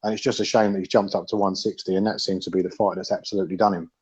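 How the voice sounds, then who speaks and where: A man's voice: sits low, flat delivery, rapid-fire, darkish tone, breathy edge. A man in a casual podcast chat about boxing, rambling with many restarts and swearing freely. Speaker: podcast panelist. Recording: dull lo-fi audio.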